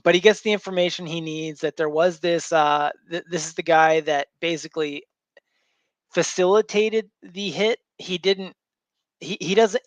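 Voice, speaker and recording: A slightly high-voiced man recaps a comic in a loose, rambling way, full of ums and restarts. The recording is dry and dull, with a muffled, lo-fi tone. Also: no room sound. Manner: rambling, filler-heavy retelling. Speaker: comic book show host.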